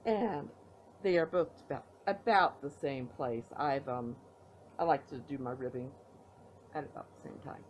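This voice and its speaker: A woman's voice: rumbling low, moderate pace, a little hiss or hum, low-quality recording. A tired middle-aged woman hosting a knitting podcast from her home, chatting casually and rambling as she shows her projects with playful reveals. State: tired, yawning. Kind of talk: casual show-and-tell chat. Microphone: tablet recording.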